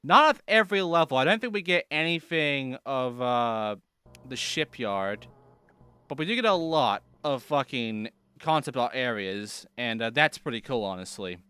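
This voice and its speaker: A man's voice: mid-range voice, animated, normal speed, pushed and bright, clear, resonant tone. A man hosting a let's play, commenting on gameplay in an offhand, profane way.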